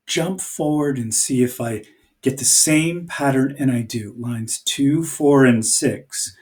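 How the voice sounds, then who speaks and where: A man teaching a poetry lesson, talking slowly and thoughtfully and reading lines of verse aloud to count their beats. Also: mid-range voice, a little mellow, far from the mic. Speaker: literature teacher.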